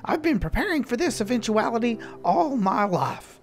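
A man voicing a bossy, impatient male survivalist who talks in a pushy, rushed way. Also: very high voice, sing-song, faint music behind, pitched above the performer's own voice, heavily acted.

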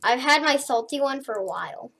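A woman streamer talks through her gameplay in a casual, chatty way. Her voice sits high. She is excitable and breaks into shouts and squeals when something goes her way. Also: a little fast, creaky, slightly rough. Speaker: gaming streamer.

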